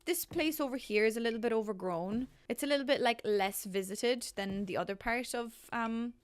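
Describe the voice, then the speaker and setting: A woman's voice: fairly high pitch, normal speed, clean tone, no echo. A young woman giving casual, rambling gameplay commentary while building, full of chatty self-deprecating asides. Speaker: game builder.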